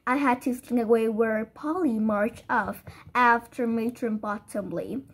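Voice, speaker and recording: A woman reads a first-person children's novel aloud, telling the story earnestly and with expression. Her voice is fairly high, with a husky, breathy texture. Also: a little slow. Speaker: audiobook narrator.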